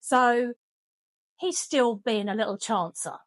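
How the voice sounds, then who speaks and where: Chatty dog trainer, woman, slightly high pitch, firm with commands. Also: slow, no echo. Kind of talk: casual training demonstration. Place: home kitchen.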